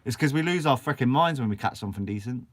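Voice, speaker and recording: A man's voice: mid-range voice, lively intonation, fast. A young man from Guernsey, hosting a fishing channel and answering live chat in a chatty, upbeat way with casual swearing. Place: shed.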